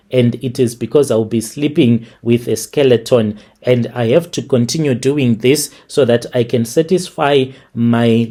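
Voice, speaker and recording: A man reading a first-person story aloud as scripted narration, in a steady, plain reading manner. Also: medium pitch.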